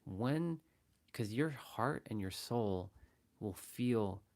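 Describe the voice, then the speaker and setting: A man's voice: fairly low pitch, animated, very slow, darkish tone. A man hosting a casual motivational livestream, talking earnestly and repeating phrases as he shows different ways of saying the same words. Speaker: livestream host.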